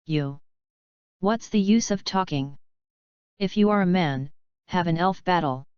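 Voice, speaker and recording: A woman's voice: fairly low pitch, unhurried, darkish tone, clean tone, dry recording, close to an everyday voice. A woman voicing an arrogant, hot-tempered rich male student who speaks in an angry, challenging way. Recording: dull lo-fi dry recording.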